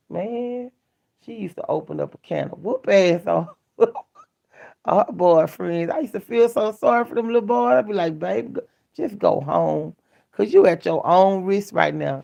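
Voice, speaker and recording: A woman's voice: lowish voice, vocal fry, mellow. A middle-aged woman vlogging in a casual chat, telling stories bluntly and candidly in colloquial speech. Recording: dull lo-fi sound.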